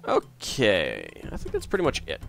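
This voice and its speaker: A man's voice: fairly low pitch, huge pitch swings, normal speed, creaky, a bit bright, faint music behind. Man musing through a game. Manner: musing, hesitant, lots of uhs. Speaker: let's player. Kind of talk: casual gameplay commentary.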